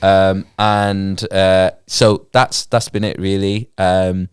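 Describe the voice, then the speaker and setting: Casual podcast co-host, young man, congested nose, smooth low voice, rambly. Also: little pitch movement, takes it slowly, no echo, studio quality. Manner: rambling, many ums, laughs often. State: stuffy nose from a cold. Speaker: podcast co-host and gigging musician. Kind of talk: casual chat.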